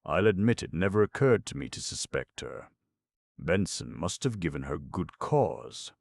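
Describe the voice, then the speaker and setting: A stern, short-tempered prosecutor, read by a man bites out his words, blunt and exasperated. The voice is very deep and gravelly, recorded dry and close. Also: sing-song, normal speed, dry recording, heavily acted. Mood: indignant. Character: stern, indignant male district attorney. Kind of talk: audiobook character reading.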